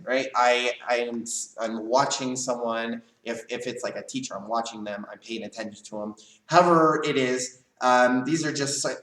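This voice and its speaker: A man teaching a live leadership class for a karate school, in a casual coaching tone with a steady stream of "right?" checks. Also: mid-range voice. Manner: casual coaching tone, asks "right?" often, varies volume. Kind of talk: live online class lecture. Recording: echoey room, voice a bit far from the mic.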